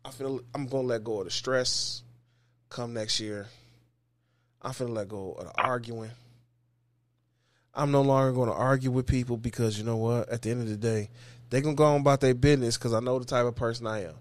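A man co-hosting a casual chat, laid-back and relaxed, often repeating himself. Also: medium pitch, fairly quick, dry recording. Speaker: co-host.

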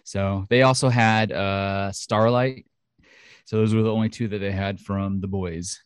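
A man co-hosting a podcast in casual chat, chatty, excitable and jokey. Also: lowish voice, a little slow, clear, resonant tone, no echo, studio quality. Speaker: podcast co-host.

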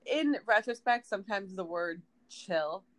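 A woman's voice: medium pitch, expressive, measured pace, a bit bright, low-quality recording. A woman co-hosting a podcast in casual chat, wry and blunt, swearing now and then. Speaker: podcast co-host.

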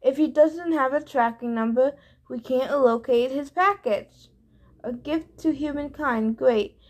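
A laid-back but always-busy male messenger god from a storybook, as a woman reads him aloud. He talks in a breezy, offhand way, like a businessman between calls, and the voice sits high. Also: measured pace, a little mellow. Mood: exasperated. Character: easygoing, fast-talking male messenger god.

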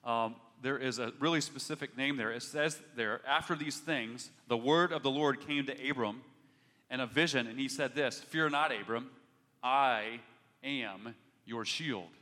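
Bright and forceful, this man's medium-pitched voice moves at a moderate pace through an earnest sermon. As a pastor, he leans in harder when he urges and frequently restarts what he's saying, with long hall reverb around him.

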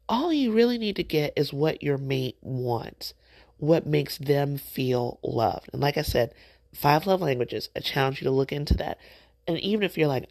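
Low, gravelly woman exhorting listeners. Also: moderate pace, no room sound. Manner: preachy, animated, exhorting. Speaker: podcast host. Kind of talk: encouraging faith-based talk.

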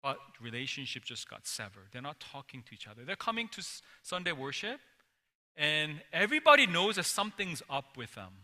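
A man preaching a sermon as pastor, dramatic, swinging between loud emphasis and hushed, near-whispered lines. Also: fairly high pitch, big pitch swings, brisk. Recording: long hall reverb.

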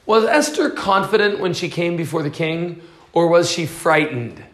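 A man with a high voice preaches a sermon. He reads scripture aloud and then explains it in the style of an expository preacher. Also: lively intonation, normal speed. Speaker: pastor.

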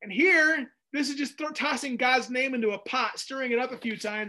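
Animated man teaching a Bible passage. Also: extremely high pitch, moderate pace. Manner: animated, jokey asides while reading scripture. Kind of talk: casual Bible study teaching.

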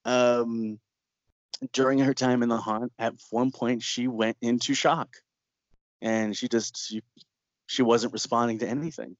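A man's voice: medium pitch, no room sound. Dull-sounding man telling a story. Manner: lively storyteller who laughs often and acts out quotes. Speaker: documentary filmmaker. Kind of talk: interview anecdote.

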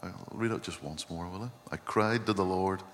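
Male pastor, deep voice, earnest sermon, long hall reverb. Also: moderate pace, a bit bright, a little hiss or hum. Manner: earnest, reflective preaching, often quoting scripture.

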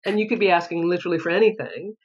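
A woman who works as a filmmaker, a podcast guest who tells stories in an animated, emphatic way. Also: on the low side, rapid-fire, breathy edge, dull audio. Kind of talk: casual chat.

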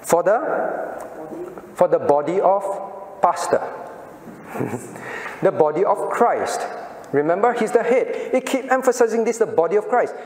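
An earnest male pastor teaching a class, his voice a little high for a man. He questions the group and calls on people by name. A long echo hangs in the church hall. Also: animated, a little slow, long pauses, a little mellow. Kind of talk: interactive Bible class teaching. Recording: echoey hall sound.

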